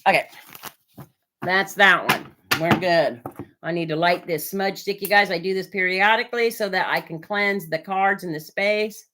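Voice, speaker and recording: A woman's voice: lowish voice, moderate pace, background noise. A woman from Oregon chatting on a live stream while she gives a tarot reading, with lots of fillers and hesitations. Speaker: tarot reader.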